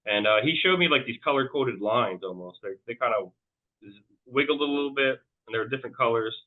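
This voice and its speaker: A man's voice: mid-range voice, animated, brisk. A man telling a long personal story as an interview guest, rambling loosely and restarting his sentences often. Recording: tinny phone-like line.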